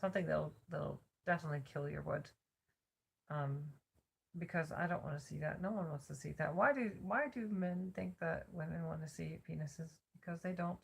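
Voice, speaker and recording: Very gravelly, husky tired woman. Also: low-pitched. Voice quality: slightly slurred. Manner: rambling, halting, with many pauses and fillers. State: exhausted, voice worn out. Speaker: vlogger. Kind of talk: casual check-in vlog. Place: lying on a cot at home. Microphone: phone camera.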